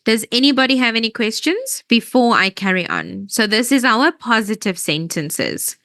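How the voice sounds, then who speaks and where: A woman's voice: a little high, big pitch swings, moderate pace, a bit bright, no echo. A woman teaching English grammar in an online lesson, explaining patiently step by step and often checking that students follow.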